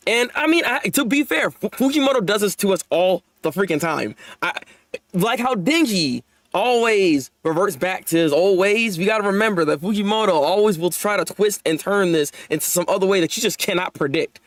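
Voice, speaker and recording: Lively, high-pitched young man reacting. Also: moderate pace, no room sound. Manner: animated, laughing often, talking to his viewers. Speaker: manga reaction host. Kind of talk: live manga chapter reaction.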